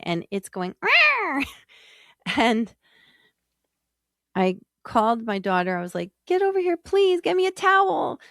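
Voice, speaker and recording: A woman hosting a podcast, telling a personal story in a gentle, earnest way. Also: on the low side, no echo, studio quality. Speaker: podcast host, psychologist.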